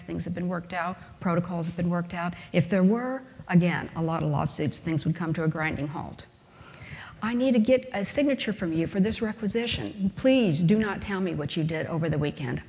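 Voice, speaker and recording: A woman's voice: lowish voice, warm tone. A woman giving a conference lecture, talking emphatically with rhetorical questions and everyday examples. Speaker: conference speaker. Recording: long hall reverb.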